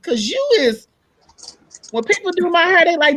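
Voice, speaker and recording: A woman in a casual panel discussion, telling stories in an animated way and acting out the people she quotes. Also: sits high, normal speed, rough recording. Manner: animated storyteller, acts out quoted voices. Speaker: panel guest.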